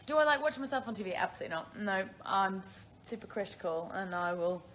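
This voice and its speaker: A woman in her twenties from the Isle of Man speaks with a British accent, chatting casually on a phone livestream as she answers viewer questions and often laughs at herself. Her medium-pitched voice is expressive, fairly bright and fast. There's a slight hiss or hum in the recording.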